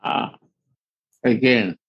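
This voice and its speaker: A man giving a devotional discourse as a spiritual teacher, in halting non-native English and laughing often. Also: no room sound, lo-fi sound.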